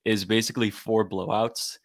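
A man's voice: on the low side, flat delivery, moderate pace, no room sound, studio quality. A man co-hosting a podcast, chatting casually and thinking aloud in long, qualified sentences. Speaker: podcast co-host. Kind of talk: casual sports chat.

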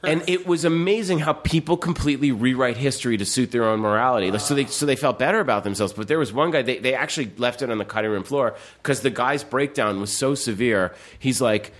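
Talking fast with barely a pause, a medium-pitched podcast guest tells a lively story in casual conversation. He performs the quotes of the people involved.

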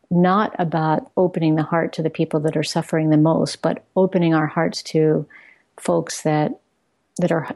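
Middle-aged woman guest, low mellow voice, earnest, keeps restarting her sentences. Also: gravelly. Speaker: guest, outreach work leader. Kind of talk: reflective conversation.

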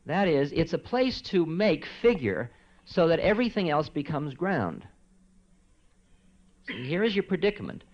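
A man giving a relaxed spiritual talk to listeners, his voice soft and conversational, wandering into asides. The sound is dull and lo-fi, like an old tape recording. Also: fairly high pitch. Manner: relaxed, conversational, soft-spoken with frequent asides and quiet chuckles. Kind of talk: informal spiritual lecture.

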